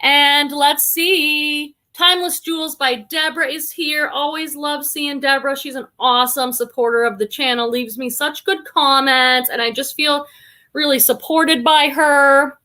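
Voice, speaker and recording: A woman's voice: sits high, steady tone, a little slow, sharp tone. A middle-aged woman from the Boston area with a slight Boston accent, chatting casually on a livestream, reading out comments and greeting viewers by name. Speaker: livestream host, reseller.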